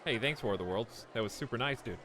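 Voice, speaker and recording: A man casually chatting through a live game stream at home, animated and chuckling often. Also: medium pitch, quick pace, background noise.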